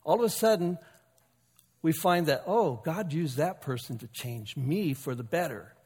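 A man's voice: on the high side, lively intonation, unhurried, darkish tone, breathy edge, long reverb tail. A male pastor delivering a sermon in a folksy, conversational way, joking with and calling out to his congregation. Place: church sanctuary.

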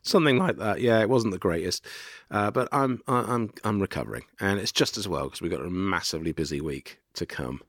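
A man co-hosting a book podcast, sounding deeper and throaty from a virus, talking with hesitant restarts. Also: lively intonation, brisk, no room sound, clean studio sound. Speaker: podcast co-host and publisher. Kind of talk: casual podcast chat.

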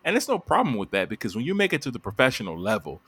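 A man hosting a sports podcast in casual chat, emphatic and quick to laugh. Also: medium pitch, husky. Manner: animated, emphatic, laughs easily.

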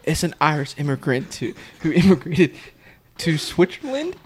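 A man's voice: on the high side, big pitch swings, normal speed, darkish tone. A man calling in, eager and stammering, giggling as he asks for requests. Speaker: caller. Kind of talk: comedy sketch.

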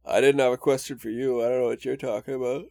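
A man's voice: mid-range voice, level tone, fast talker, vocal fry, a little mellow. A man in casual podcast chat, making crude jokes and teasing his friends. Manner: joking, crude banter.

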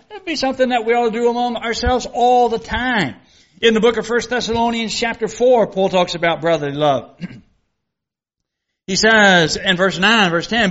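Male preacher, high bright voice, folksy sermon style with rhetorical questions, dull lo-fi recording. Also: normal speed.

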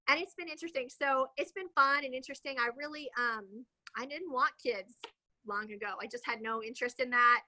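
A woman's voice: a little high, pushed and bright, poor audio. A woman in her thirties, a real estate agent guest, talking casually in an interview, chatty and rambling with many fillers.

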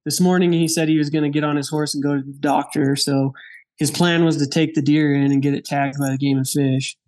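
A man from Wyoming tells a hunting story in a loose, lively way, laughing often and voicing the people he met. His voice sits a little higher than most men's. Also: a little fast. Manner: animated, laughing, acts out dialogue. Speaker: podcast guest. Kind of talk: casual storytelling.

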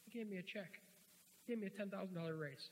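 A man preaching a sermon in a folksy, joking way, swinging from quiet asides to loud shouts, in a church. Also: high voice, quick pace, slight background noise. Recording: hall reverb.

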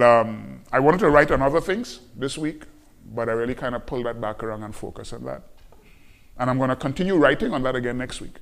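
A man preaching a sermon as pastor, emphatic and repetitive, slowing down to quote scripture. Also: medium pitch. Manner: emphatic preaching, repeats key phrases, slows on scripture quotes.

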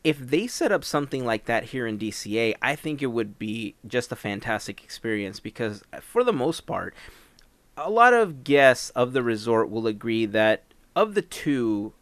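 A man hosting a podcast, chatting casually and getting excited as he spins ideas. His pitch sits in a middle range, and the recording is dry and close. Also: moderate pace, dry recording. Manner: excitable, storytelling with dramatic build-ups. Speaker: podcast host.

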